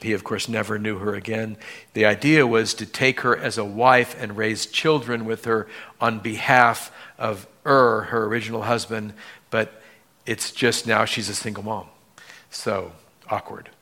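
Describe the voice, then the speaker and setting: A man in the pulpit delivering a sermon with a bright, forceful voice. He is expressive, slipping into characters' voices as he retells the scene. He gets visibly moved as he preaches. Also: fairly low pitch. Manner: expressive, acts out dialogue in voices; moved to emotion while preaching. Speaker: pastor.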